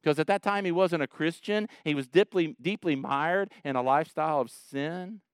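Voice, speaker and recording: A man preaches a sermon in a smooth, resonant voice. He pitches fairly high, and his delivery moves between quiet earnest passages and animated stories. The sound is dry and close. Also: normal speed, no echo. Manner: animated storytelling, acts out voices and shouts, laughs at own jokes. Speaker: pastor.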